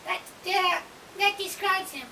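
Squeaky cheerful raccoon puppet, sing-song, bright, echoey room, far mic. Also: female voice, unhurried, exaggerated voice. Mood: chirpy. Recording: echoey room, distant mic, faint hiss.

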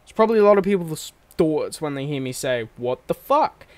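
A young man in his late teens, vlogging from his bedroom into a microphone on a stand at his desk. His voice sits a bit high for a man. He rambles loosely, swears often and keeps correcting himself mid-sentence. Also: expressive, fast talker, darkish tone, dry recording. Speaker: channel host. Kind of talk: casual vlog monologue. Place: bedroom recording setup at home.

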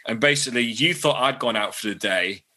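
A man from England reflecting on a past trip in relaxed chat, hedging with fillers. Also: mid-range voice, fairly quick. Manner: thoughtful, hedging with you know and sort of. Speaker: travel vlogger looking back.

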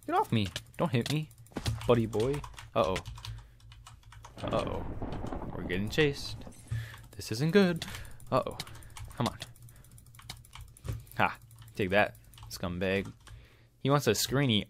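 A young man giving casual let's-play commentary, excitable and jokey, trash-talking other players and yelping when he gets hit. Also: lowish voice, moderate pace, long pauses, slight background noise. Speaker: gameplay commentator. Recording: faint keyboard clicks behind.

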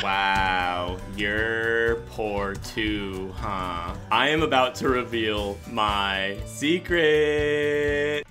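A man hosting a gaming channel, giving excited gameplay commentary, squealing and gasping as he talks to his viewers. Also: sits high. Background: background music.

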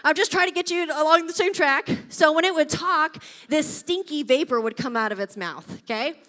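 High-voiced woman preaching with animated energy. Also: moderate pace. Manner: animated storytelling, often checks in with "okay?". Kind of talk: sermon. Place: church.

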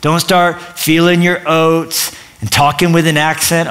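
A man's voice: on the high side, measured pace, hardly any pauses. Upbeat man preaching a sermon. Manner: energetic, conversational preaching with restarts and asides. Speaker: pastor. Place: church stage.

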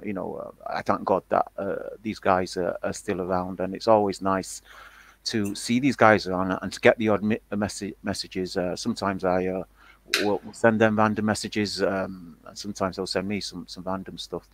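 A man in casual chat, talking haltingly with many fillers and restarts. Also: sits low, no room sound, rough recording.

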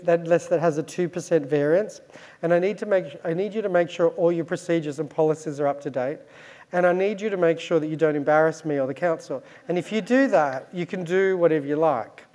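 A middle-aged Australian man telling cheeky, self-deprecating stories to an event audience, laughing at himself and pausing often on "um". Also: on the high side, darkish tone. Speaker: gallery director speaking at an arts event. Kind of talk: anecdotal storytelling to an audience. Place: event space with a live audience.

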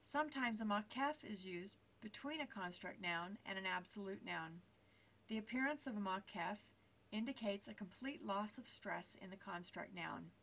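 A woman's voice: mid-range voice, normal speed, fairly bright tone, slight background noise. A woman teacher explaining grammar in a recorded lesson, patient and step by step, with the odd filler.

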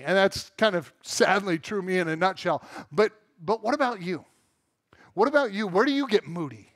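High-voiced candid preacher man. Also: a bit bright, no room sound, clean studio sound. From Southern California. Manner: candid, self-mocking, acts out quoted voices. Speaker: pastor. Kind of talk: sermon. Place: church sanctuary.

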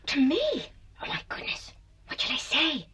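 A woman voicing a small, gentle wooden girl doll who speaks softly and breathily, often in a hushed whisper, in an animated series. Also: a little high, normal speed, husky. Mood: timid.

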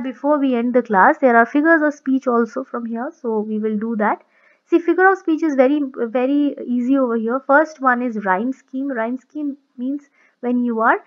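A woman with an Indian English accent teaching a poetry lesson, emphatic, repeating and rephrasing her points and asking rhetorical questions. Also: sits high. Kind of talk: classroom lesson explaining a poem. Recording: slightly muffled lo-fi sound.

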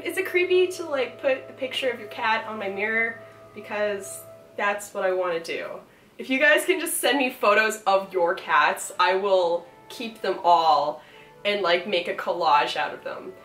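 A young adult cosplay vlogger opens fan mail on camera, chatting casually, bubbly and gushing, laughing often. Her voice is fairly high and bright, expressive, at normal speed. The recording sounds roomy and distant-miked, with music behind.

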